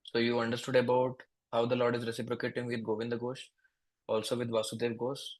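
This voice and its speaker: A man's voice: medium pitch, monotone, poor audio. A man with an Indian English accent preaching. He tells a devotional story at an easy pace and speaks the characters' lines in small voices. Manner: unhurried storytelling, plays the dialogue in small voices, repeats words.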